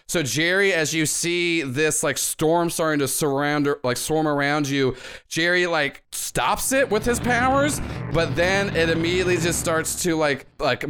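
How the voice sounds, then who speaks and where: A man's voice: a little high, fairly bright tone, clear, resonant tone. A man narrating as game master in a tabletop game, in loose, rambling casual talk full of fillers.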